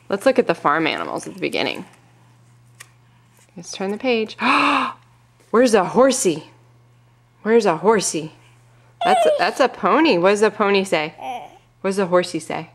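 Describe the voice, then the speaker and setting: A young woman reading a picture book aloud to her toddler at home, gently asking questions and coaxing with little animal noises. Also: medium pitch, sing-song, moderate pace, long pauses.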